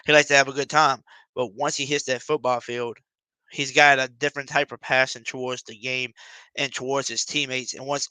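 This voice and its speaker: A man hosts a casual sports talk livestream in a bright, forceful voice. He speaks emphatically, uses plenty of slang, and repeats his points. The sound is dry and close. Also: mid-range voice, smooth, no room sound, low-quality recording. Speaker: livestream host.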